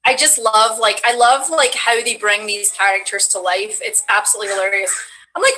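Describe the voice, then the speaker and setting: A woman's voice: medium pitch, fairly quick, rough recording. A woman being interviewed about voice acting, talking casually with many restarts. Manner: rambling, many restarts, animated. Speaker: guest voice actress.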